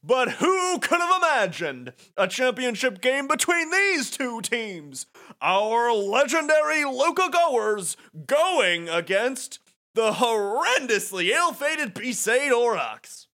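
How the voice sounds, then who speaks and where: A man voicing an excitable male sports announcer who mocks the losing team, in a drawn-out, booming delivery. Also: heavily acted. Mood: hyped, mocking. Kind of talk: playful reading of game dialogue.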